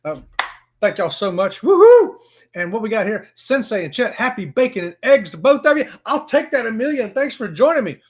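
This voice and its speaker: A man in his fifties with a Southern US accent, hosting a casual live stream and greeting viewers by name in a folksy, excitable way. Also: high voice, a little fast. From Florida.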